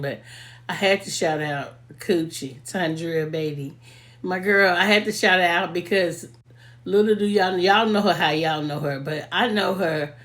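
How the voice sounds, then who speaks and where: A young woman, telling heartfelt, emotional stories about a late friend in a casual video, often laughing as she talks. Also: deep voice. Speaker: vlogger paying tribute to a late friend.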